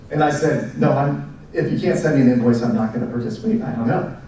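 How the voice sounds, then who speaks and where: A man, giving a speech to educators as a presenter in a relaxed storytelling manner with fillers. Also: mid-range voice, brisk, a little hiss or hum. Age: 40s. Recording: echoey room, mic at a distance.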